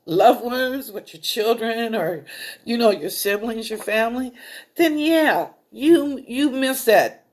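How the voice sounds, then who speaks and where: A woman's voice: fairly high pitch, lively intonation, slow pace. A middle-aged woman hosting a psychic talk show, speaking in a folksy, emotional way that calls the viewers y'all, and choked up and close to tears. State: tearful, choked up.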